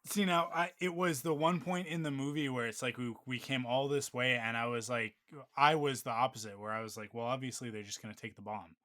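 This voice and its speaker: Bright-voiced man, dry close podcast sound. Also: medium pitch, a little fast, few pauses, dry recording. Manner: thoughtful, talks through ideas with restarts and fillers. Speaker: podcast co-host. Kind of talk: casual chat.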